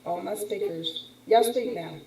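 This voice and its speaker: A woman's voice: mid-range voice, a little slow, mellow, breathy edge, low-quality recording. A woman hosting a casual livestream, talking in a rambling, indignant way. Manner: rambling, indignant, uses y'all. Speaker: livestream host. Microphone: computer mic on a stream.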